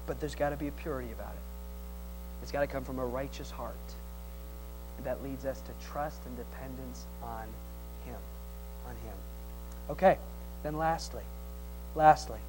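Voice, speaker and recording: A male pastor preaching a sermon, swinging from loud exhortation to hushed tones, with teasing humor and call-and-response. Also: mid-range voice, measured pace, long pauses, music in the background, poor audio.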